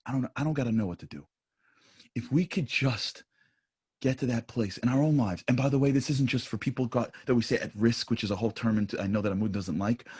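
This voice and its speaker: Husky-voiced earnest man on a panel. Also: mid-range voice, darkish tone. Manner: earnest, confessional, speaks in quick bursts with repetitions. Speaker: panel speaker. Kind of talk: impassioned panel talk. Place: livestream studio panel.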